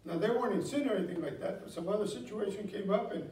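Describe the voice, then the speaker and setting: High-voiced pastor preaching in an echoey church. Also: male voice, fast, warm tone, far from the mic. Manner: folksy storytelling, builds to emphatic exhortation. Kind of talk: sermon. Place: church sanctuary.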